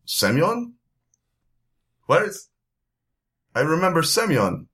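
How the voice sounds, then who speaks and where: Guy putting on a flustered thug, way up high, loud and shouty. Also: very animated, takes it slowly, heavily acted. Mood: confused. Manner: shouty and flustered, much higher than his own voice. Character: dazed, panicky male thug.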